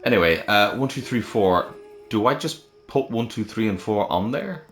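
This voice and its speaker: A man's voice: on the low side, animated, normal speed, fairly bright tone. A man reviewing a video game in casual commentary, rambling and thinking aloud as he plays. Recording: roomy with faint game music. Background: game music.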